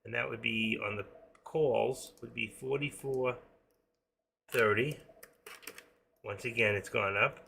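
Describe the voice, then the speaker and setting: A man in his sixties, an excitable day trader who rambles through a casual live-stream commentary with pep-talk asides. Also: medium pitch, slow, vocal fry, long pauses, a little hiss or hum. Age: 60s.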